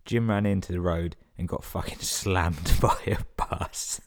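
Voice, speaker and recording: A man with a very low, deep voice reads listener stories on his podcast. He keeps cutting in with sweary, sarcastic jokes between the sentences. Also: steady tone, a little slow. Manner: sweary, sarcastic running commentary. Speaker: podcast host. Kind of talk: reading listener emails with comic asides.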